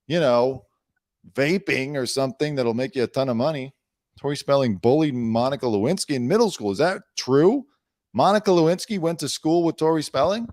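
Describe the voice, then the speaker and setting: A man's voice: medium pitch, brisk, darkish tone, no echo, clean studio sound. A man hosting an entertainment news show, reading headlines aloud and breaking off into sarcastic, rambling riffs. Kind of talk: casual news commentary.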